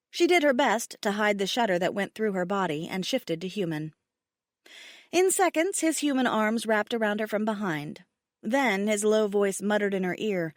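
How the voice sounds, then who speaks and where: Expressive woman narrating a fantasy audiobook. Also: mid-range voice, normal speed, no echo, studio quality. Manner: expressive storytelling. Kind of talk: scripted narration.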